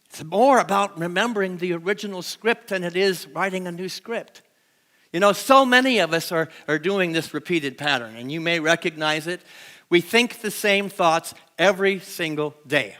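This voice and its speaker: Bright, high-voiced man preaching a sermon. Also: moderate pace. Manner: animated, talks to the congregation and asks them to repeat lines. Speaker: pastor. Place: church sanctuary with a live congregation.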